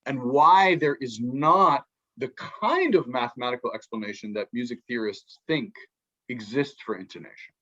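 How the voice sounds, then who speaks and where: A man, a podcast guest and book author, explaining music ideas in a lively way and acting out quotes from musicians. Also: medium pitch, moderate pace, dull audio. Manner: animated, acts out musicians' quotes, many restarts.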